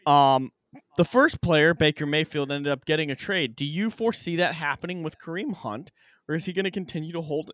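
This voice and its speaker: A man's voice: on the high side, brisk, fairly bright tone, dry recording. A young man hosting a casual sports podcast, upbeat and chatty as he steers from topic to topic. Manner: upbeat, leads the segments, chatty.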